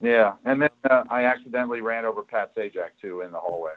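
With a crowd audible behind him, a man with a lowish voice speaks at a quick pace over a tinny, phone-like line. He's a guest and former studio worker in a casual storytelling interview, rambling about his years there with many fillers and restarts.

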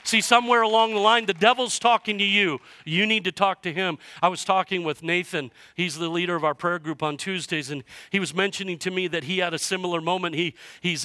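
A man preaching a sermon as pastor to his church, passionate and swinging from hushed to loud. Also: sits high, no room sound. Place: church sanctuary.

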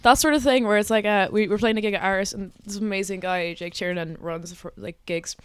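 A woman's voice: medium pitch, fairly even intonation, brisk, smooth, no room sound, clean studio sound. A woman co-hosting a podcast, telling anecdotes with frequent giggles. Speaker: podcast co-host. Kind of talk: casual chat.

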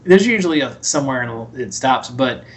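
Co-hosting a podcast, a man in an animated mid-range voice rambles through a movie recap at normal speed. He retells the scenes by performing their lines in quoted voices.

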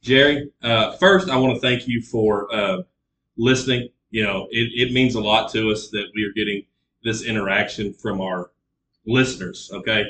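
A man's voice: on the low side, moderate pace, pushed and bright, echoey room, rough recording. A male podcast co-host in casual chat, giving mock advice in a playful, jokey way.

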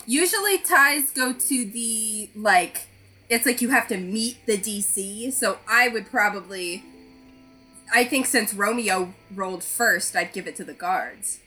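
Bright-voiced joking woman. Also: medium pitch, unhurried, soft background music. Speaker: player and rules adviser. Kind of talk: casual tabletop game chat.

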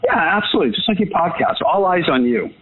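A man's voice: sits high, very animated, fast, slightly rough. A man talking casually and with enthusiasm as an interview guest, using lots of fillers and repeating himself. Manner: enthusiastic, repetitive, many fillers. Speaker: guest, photo business owner. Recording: tinny phone-line sound.

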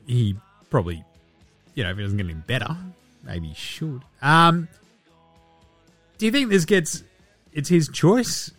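Sweary sarcastic podcast host. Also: male voice, on the high side, lively intonation, measured pace, long pauses, fairly bright tone, faint music behind. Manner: swearing, sarcastic, mocking impressions. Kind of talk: casual sports podcast rant.

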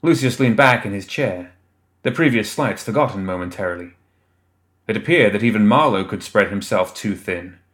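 Low-voiced guy narrating a fantasy audiobook, steady and measured.

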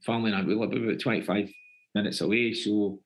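Chatty Scottish man, low-voiced. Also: steady tone, fast talker, poor audio. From Scotland. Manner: rambling, chatty, lots of fillers. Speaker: actor, guest. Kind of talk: casual interview chat.

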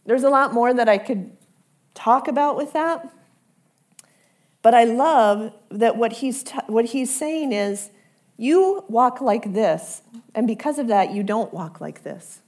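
Slow-paced woman preaching a sermon. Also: a little high, expressive, a little mellow. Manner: conversational, repeats words as she builds a point.

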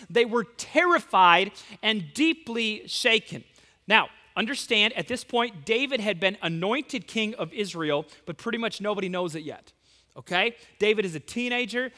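A male preacher retelling a story in an animated, casual sermon full of slang asides. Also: high-pitched. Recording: long hall reverb.

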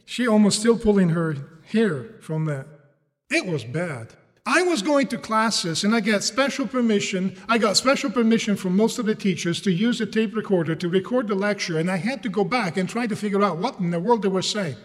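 Here a man speaks at normal speed in a high-pitched voice, his sermon echoing through a large hall. He preaches in English, which he picked up later and isn't his first language, and he keeps the crowd engaged with animated storytelling and rhetorical questions.

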